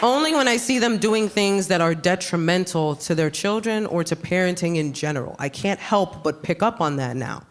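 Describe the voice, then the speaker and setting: A brash woman with a New York accent working a comedy club crowd on a handheld mic. Her punchlines jump up loud and animated. The live recording carries clear room noise around her. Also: fairly low pitch, moderate pace, hardly any pauses. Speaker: stand-up comedian. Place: comedy club stage with audience.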